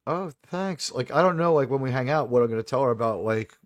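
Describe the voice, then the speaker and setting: A man's voice: medium pitch, quick pace, dry recording. A middle-aged man with a New York accent, chatting casually with viewers as a live stream host, rambling and restarting his sentences. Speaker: livestream host.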